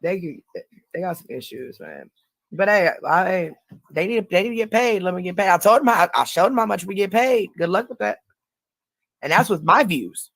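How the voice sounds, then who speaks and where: A woman's voice: lowish voice, lively intonation, normal speed, dry recording. A woman hosting a casual livestream, talking loosely in slang and rambling through her points. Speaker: livestream host.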